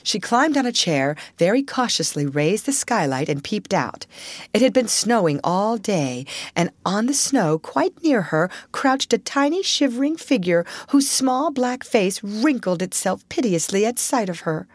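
A woman narrating an audiobook story in an expressive, measured way. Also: mid-range voice, no echo.

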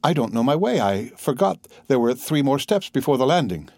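A man voicing a timid, gentle young woman who speaks softly and anxiously in an audiobook reading. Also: mid-range voice, sing-song, brisk, no room sound, studio quality, voice pushed up.

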